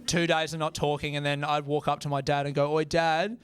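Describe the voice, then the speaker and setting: A man's voice: a little high, monotone, fast talker. A young Australian man doing a stand-up comedy set on a club stage, crude and self-mocking, often breaking off to laugh at himself. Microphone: handheld stage mic.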